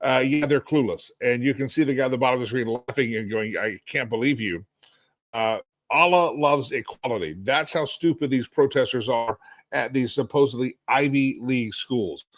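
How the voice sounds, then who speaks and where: A middle-aged man hosting a live political talk stream from a hotel suite, sarcastic and animated, rambling and restarting as he goes. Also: medium pitch, moderate pace, dry recording. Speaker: talk show host.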